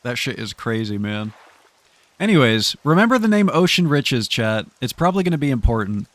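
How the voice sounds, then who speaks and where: A young man casually commenting on a game he is playing, chatty and quick to laugh, often stammering through restarts. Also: mid-range voice, very animated. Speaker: streamer.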